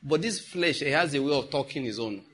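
A man's voice: medium pitch, expressive, a little fast, a bit bright. A middle-aged Nigerian man, a pastor preaching a sermon in a conversational way with pidgin asides.

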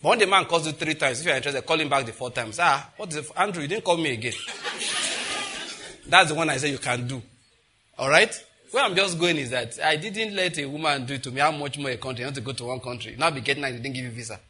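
A man's voice: medium pitch, racing, bright, forceful tone, slightly rough. A married man preaching a sermon, boldly leading the congregation in repeated declarations with humor. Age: adult, married. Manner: bold, humorous, leads the crowd in repeated declarations. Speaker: pastor. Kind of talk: sermon with call-and-response declarations.

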